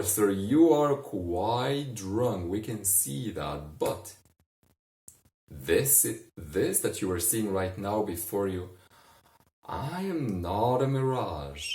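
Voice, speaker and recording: Courtly magic gentleman in a sharp suit, a guy putting him on, formal and soothing, low and slow, roomy far-off mic. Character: grand magical man in a purple suit, courtly.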